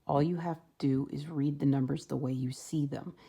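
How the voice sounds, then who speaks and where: A woman's voice: sits low, fairly even intonation, moderate pace, vocal fry, warm tone, husky. A woman teacher explaining a lesson in a plain, matter-of-fact way.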